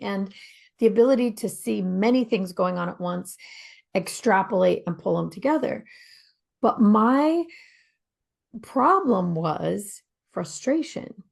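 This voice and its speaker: A woman co-hosting a casual conversation, explaining things in a calm way. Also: medium pitch, slow, gravelly.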